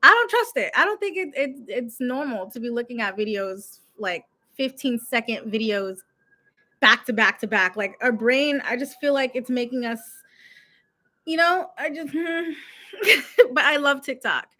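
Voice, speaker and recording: A woman's voice: on the high side, animated, measured pace, sharp tone. A young woman from the United States, a YouTube coach, chatting in a rambling, giggly vlog style full of "like" fillers. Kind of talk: casual talking-head vlog.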